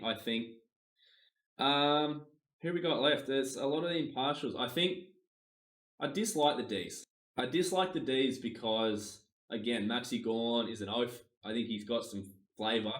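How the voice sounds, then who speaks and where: A man's voice: lowish voice, a bit bright. A young Australian man ranting bluntly and profanely in a casual opinion podcast, with lots of ums. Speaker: podcast host. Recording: roomy echo.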